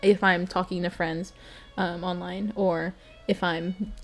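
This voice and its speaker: A woman's voice: lowish voice, little pitch movement, slow, soft background music. A young adult woman streamer reading a bedtime story and chatting with her viewers, earnest and emotional.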